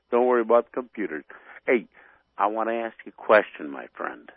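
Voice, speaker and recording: A man's voice: fairly low pitch, dry recording. A man from North Dakota calling in to a radio show, ranting with heat and groping for his words. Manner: rambling, heated, searching for words. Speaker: radio caller. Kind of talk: phone-in rant. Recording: tinny phone line.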